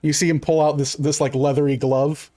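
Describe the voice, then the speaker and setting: A man's voice: fairly high pitch, level tone, brisk, mellow. Rambling man running a tabletop game. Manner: loose, rambling, full of "like". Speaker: game master.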